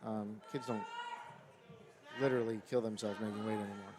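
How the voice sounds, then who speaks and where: Man commentating wrestling over a loud crowd. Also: lowish voice, fairly quick. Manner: conversational, explains tactics, gets excited at big moves. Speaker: color commentator and coach. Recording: loud gym crowd and noise behind. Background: cheering crowd in a gym.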